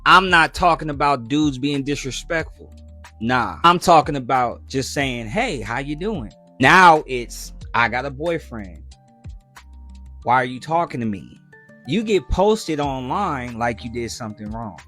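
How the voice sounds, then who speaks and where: A man giving social commentary in a measured, explanatory way. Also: medium pitch, expressive, sharp tone, faint music behind.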